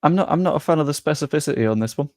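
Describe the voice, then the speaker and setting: A male livestream host whose dry, self-deprecating jokes roll out in a voice that swings lively up and down. He teases his guest with quick wit, close and dry on the mic. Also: a little high, no echo. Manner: teasing, quick-witted. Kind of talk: livestream chat.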